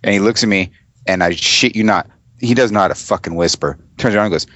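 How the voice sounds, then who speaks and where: A man in his forties, a podcast guest, telling blunt, profane stories in casual chat, getting animated when he quotes people. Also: lowish voice, fairly quick, dry recording, muffled recording. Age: 40s.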